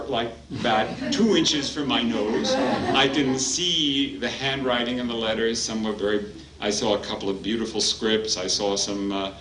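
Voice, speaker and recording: A man speaking at a retreat, telling a personal story in a halting, heartfelt way with many pauses. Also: mid-range voice. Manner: halting, warm reminiscing with frequent pauses. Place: retreat hall. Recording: roomy hall, distant mic, faint background hum.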